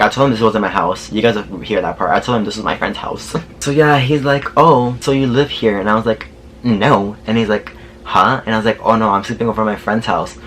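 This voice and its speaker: A young man racing through a storytime in a sassy, foul-mouthed, dramatic rush. His voice sits on the low side, with faint hiss behind it. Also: a bit bright. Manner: sassy, profane, dramatic retelling. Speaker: vlogger. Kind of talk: casual storytime.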